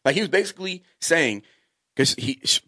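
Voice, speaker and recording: A man's voice: on the high side, expressive, normal speed, pushed and bright. A man in casual podcast chat who rambles, restarts and mimics other people's voices.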